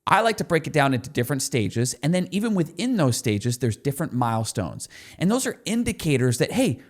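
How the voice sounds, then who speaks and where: A man's voice: fairly high pitch, big pitch swings, a little fast. A man guest on a podcast, an enthusiastic storyteller explaining business lessons. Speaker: guest expert.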